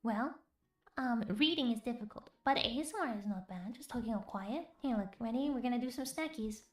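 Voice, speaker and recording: A woman streamer speaking softly in a whispered role-play, chatting to her viewers with giggles between words. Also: on the high side, lively intonation, a little fast. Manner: soft whispered chat, giggly, chats with viewers. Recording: roomy with faint music.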